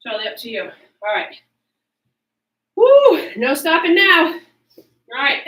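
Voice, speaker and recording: A woman's voice: high voice, sharp tone, reverberant, distant mic, rough recording. A woman fitness coach leading a workout, upbeat and coaching through the moves while out of breath. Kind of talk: workout instruction. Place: home workout space with fan.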